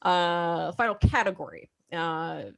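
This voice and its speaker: A woman's voice: fairly low pitch, takes it slowly, vocal fry. A woman hosting a live online quiz show over a video call, casual and chatty, laughing often and swearing freely. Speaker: game show host.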